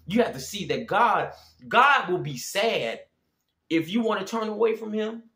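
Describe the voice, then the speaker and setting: A man preaching with passion, pleading with listeners and rising to shouts. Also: high voice, echoey room. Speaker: Christian preacher. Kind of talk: impassioned preaching.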